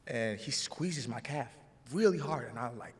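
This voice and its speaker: A man with a Greek accent talks on a live stage, stopping and starting as he tells his story. His voice sits at an ordinary middle pitch. A long reverb from the large hall trails each phrase. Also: expressive. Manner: halting, restarts often, emotional storytelling. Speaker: host. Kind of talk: live stage show conversation.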